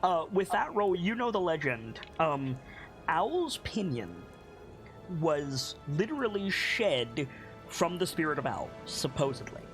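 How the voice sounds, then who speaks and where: Man running a tabletop game, slightly higher voice, casual filler-heavy narration, faint music behind. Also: very animated, unhurried. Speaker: game master.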